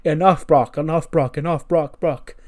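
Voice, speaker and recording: A man voicing a male wrestling manager who keeps pleading with his raging client to calm down. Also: mid-range voice, brisk, natural voice. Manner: pleading, repetitive.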